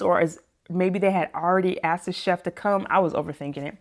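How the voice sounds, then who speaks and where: A woman in her thirties, a personal chef, casually telling a story to her viewers, animated and laughing often. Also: a little fast. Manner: animated, laughs often, acts out other people's lines in a higher voice. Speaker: plant-based personal chef and vlog host.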